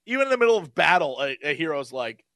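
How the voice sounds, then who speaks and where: A man with a high-pitched voice co-hosts a casual podcast. He talks in an animated, joking way, and the sound is close and dry. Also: fast talker, dry recording. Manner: animated, jokey, slips into silly put-on voices. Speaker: podcast co-host.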